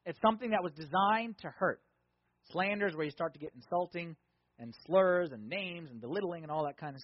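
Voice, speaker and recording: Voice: medium pitch, breathy edge, no room sound. A pastor preaching a sermon with emphatic repetition and rhetorical questions, on a slightly dull, dry recording. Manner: emphatic, repeating key words, rhetorical questions.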